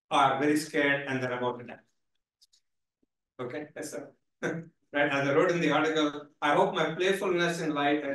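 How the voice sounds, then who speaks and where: A man gives a playful seminar talk, keeps punctuating with "right?" and pushes his points hard. His voice sits high for a man, and it comes from some way off the mic in a very echoey lecture hall. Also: fairly bright tone, recorded from a distance. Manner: playful, emphatic, with many repeated "right?" tags. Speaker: guest speaker.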